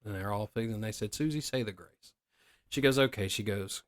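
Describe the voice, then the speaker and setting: A man's voice: on the low side, a little fast. A middle-aged man telling profane stories in a casual podcast chat. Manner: profane, animated storyteller. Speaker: podcast co-host.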